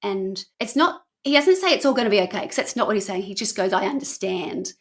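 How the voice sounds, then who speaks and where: A woman co-hosting a podcast, earnestly retelling a documentary in casual chat, speeding up for asides and slowing down for emphasis. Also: mid-range voice, very animated. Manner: earnest, shifting between quick asides and slow emphasis. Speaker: podcast co-host.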